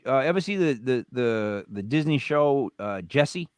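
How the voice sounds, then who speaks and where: A man's voice: medium pitch, expressive, normal speed, no room sound, clean studio sound. A man co-hosting a live online talk show, joking and rattling off lists in casual banter with bursts of emphasis. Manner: playful, jokey, rattles off names with emphatic bursts. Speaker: podcast co-host.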